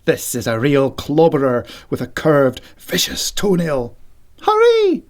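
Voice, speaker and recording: A man reading a novel aloud with dramatic, deliberate delivery and whispered sound effects. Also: medium pitch. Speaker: audiobook reader. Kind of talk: expressive literary reading.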